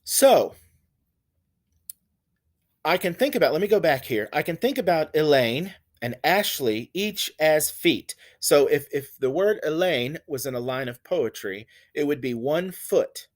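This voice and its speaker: A man's voice: on the high side, animated, measured pace. A man teaching a lesson on poetry, explaining stress and rhythm patiently and repeating examples with exaggerated emphasis. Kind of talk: recorded lecture on poetry.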